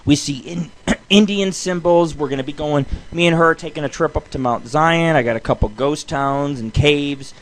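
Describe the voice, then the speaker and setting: A middle-aged man hosting a radio show, rambling and swearing constantly in a loud, blunt monologue. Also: a little high, moderate pace. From southern Nevada. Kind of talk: casual profane monologue.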